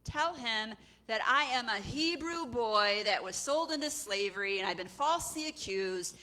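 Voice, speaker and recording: A woman's voice: mid-range voice, expressive, moderate pace, bright, forceful tone. A woman voicing Joseph, a young male prisoner in a retold story, who earnestly begs to be remembered. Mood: pleading. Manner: earnest, urgent pleading.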